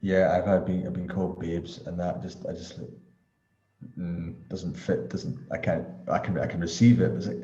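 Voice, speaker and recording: A man's voice: sits low, flat delivery, measured pace, mellow. A Scottish man in casual chat on a video call, reflective and rambling, chuckling often. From Scotland. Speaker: study group participant. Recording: echoey, dull lo-fi room audio.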